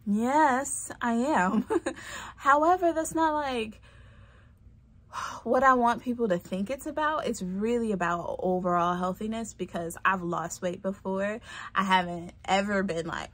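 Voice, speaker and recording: A young adult woman talks straight into her phone camera in a casual, chatty vlog. She is expressive, laughs easily and drops to a whisper for playful asides, with a voice of middle pitch. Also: unhurried. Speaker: fitness vlogger.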